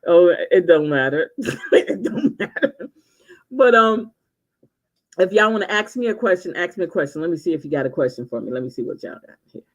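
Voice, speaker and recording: Lively woman in her sixties, lo-fi phone stream. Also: fairly low pitch. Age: 60s. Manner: laughing, animated storytelling with drawn-out exclamations. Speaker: livestream host. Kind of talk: casual livestream chat.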